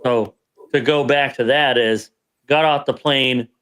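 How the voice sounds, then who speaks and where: A man's voice: medium pitch, steady tone, measured pace, fairly bright tone, clean tone. Rambling man telling a service story. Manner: rambling, restarts and self-corrections. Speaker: veteran guest telling a story. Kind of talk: casual storytelling on a podcast.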